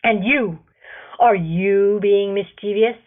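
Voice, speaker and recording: A woman's voice: mid-range voice, takes it slowly, close to an everyday voice. A woman voicing a playful, teasing young man with a mock-dramatic, sing-song delivery, on a tinny phone recording.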